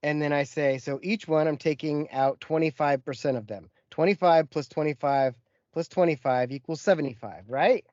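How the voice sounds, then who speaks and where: A man co-hosting a podcast, telling a story with lively acted-out quotes in casual chat. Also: fairly high pitch, moderate pace, no room sound, lo-fi sound. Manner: animated storyteller, acts out quotes. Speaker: podcast co-host.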